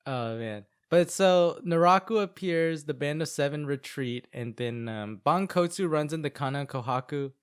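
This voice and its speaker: A podcast co-host with a clear, resonant, somewhat high voice recaps an anime at normal speed, animated and barely pausing. He rambles chattily, packing in filler words like "like" and acting out quotes.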